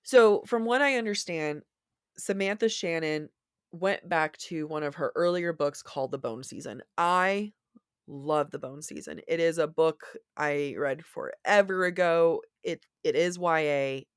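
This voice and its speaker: A woman's voice: low-pitched, measured pace, clean tone, no room sound, clean studio sound. A woman co-hosting a podcast, chatting casually about books in a rambling, self-deprecating way with many restarts. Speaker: podcast co-host. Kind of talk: casual book chat.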